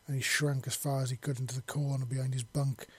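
A man narrating a fiction chapter in a steady, plain storytelling way. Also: medium pitch, fast, slightly rough. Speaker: audiobook narrator.

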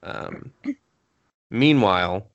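A man's voice: fairly low pitch, lively intonation, drawn-out words, a bit bright, clean tone, lo-fi sound. A young man on a podcast casually recapping an anime episode, rambling, laughing often and coughing now and then. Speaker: podcast co-host.

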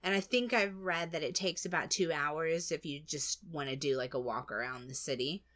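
An American woman co-hosting a podcast in casual chat, teasing and quick to laugh. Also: deep voice, a bit bright. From United States. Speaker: podcast co-host.

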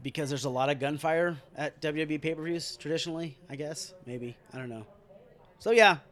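A man's voice: on the high side, a little fast, fairly bright tone. A young man ranting and recapping wrestling matches in a casual, profane, sarcastic way. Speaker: wrestling show reviewer.

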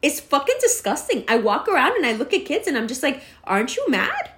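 A woman's voice: high voice, big pitch swings, quick pace, a bit bright. A woman in her forties delivering a profane, exasperated rant that scolds her listeners. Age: 40s. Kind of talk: ranting monologue.

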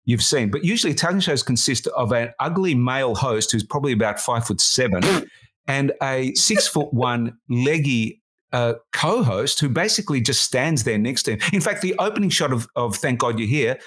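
A man from Australia, a comedy writer and producer, telling animated stories as a guest in a casual interview, with many restarts. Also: medium pitch, normal speed, breathy edge.

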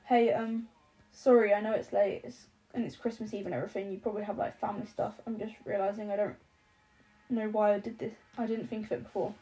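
A woman's voice: medium pitch, fairly even intonation, brisk, dark tone, close to an everyday voice, poor audio. A woman reading an audiobook, voicing an impulsive young man who rambles, apologizes and swears. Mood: flustered.

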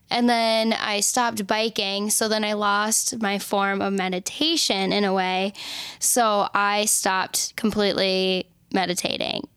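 A woman's voice: mid-range voice, smooth, dry recording, clean studio sound. A young woman hosting a podcast, talking casually and candidly about self-help, swearing freely and laughing often. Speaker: podcast host.

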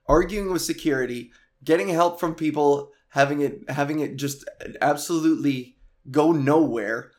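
A man's voice: a little high, moderate pace. A man hosting a podcast, ranting casually and profanely about an exasperating travel story, heavy with swearing. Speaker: podcast host.

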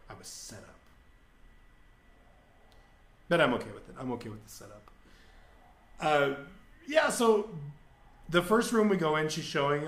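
A man's voice: mid-range voice, expressive, moderate pace. A young man hosting a podcast, telling a candid, rambling anecdote with crude humor and acted-out quotes. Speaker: podcast host. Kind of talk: casual storytelling monologue. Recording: echoey room.

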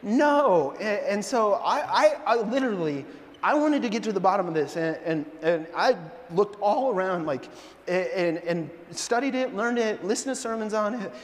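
A middle-aged pastor preaching a sermon, animated and joking, telling stories in a church. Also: male voice, high voice, normal speed. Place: church sanctuary. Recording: long church hall reverb.

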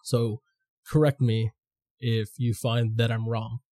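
Man, podcast host, mellow dark voice, rambling, profane, casual monologue. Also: medium pitch, level tone, slow.

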